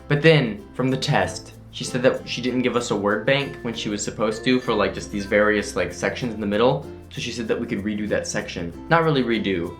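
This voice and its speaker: A teenage boy telling his school day in a casual video diary, chatty and full of "like". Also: mid-range voice. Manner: chatty, full of "like", acts out classmates' lines. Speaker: vlogger.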